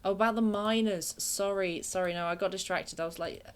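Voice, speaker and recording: A woman's voice: mid-range voice, fairly even intonation, brisk, clear, resonant tone. A woman from England chatting casually and getting sidetracked while streaming a video game from her bedroom. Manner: chatty, self-deprecating, easily distracted. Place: home bedroom.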